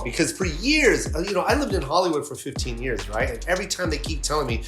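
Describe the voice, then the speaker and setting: A man's voice: fairly high pitch, very animated, fast, hardly any pauses, echoey room, music in the background. Emphatic, indignant male comedian, profane. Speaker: comedian, interview guest. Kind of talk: animated interview talk.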